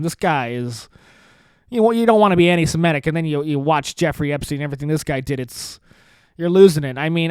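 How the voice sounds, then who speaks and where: A man's voice: fairly high pitch, dry recording. A man hosting a comedy podcast, ranting in a profane, sarcastic and rambling way, often cutting himself off. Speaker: podcast host.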